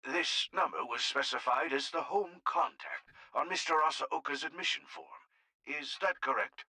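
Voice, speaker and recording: A man voicing a doctor in a game, formal and measured on a call. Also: medium pitch, pushed and bright. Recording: voice over clear music.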